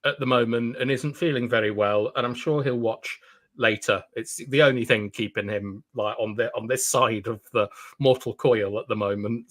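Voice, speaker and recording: A man's voice: mid-range voice, fairly bright tone. A man co-hosting a football livestream, talking casually with frequent hesitations and restarts. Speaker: livestream co-host.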